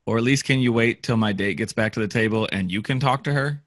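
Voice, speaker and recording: A man's voice: mid-range voice, fast talker, a bit bright, dry recording, clean studio sound. A man in a casual chat, chiming in with short replies and laughter as his friend tells a story.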